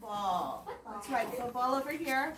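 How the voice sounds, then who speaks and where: Her voice sits high and fairly bright, and she speaks at a measured pace while instructing young primary pupils. She patiently walks them through each step and encourages them, captured by a distant mic in a noisy, echoey classroom.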